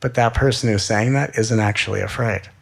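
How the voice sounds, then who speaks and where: A man giving a spiritual talk, gentle and soothing, with slow repeated phrases. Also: on the low side, steady tone, gravelly. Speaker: spiritual teacher.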